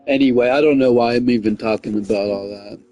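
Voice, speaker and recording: On a gaming livestream, a man with a medium-pitched voice talks fast and casually, rambling with plenty of "like" and "you know what I mean." The recording is muffled with faint music in the background. When he retells conflicts in his story, he gets heated and loud.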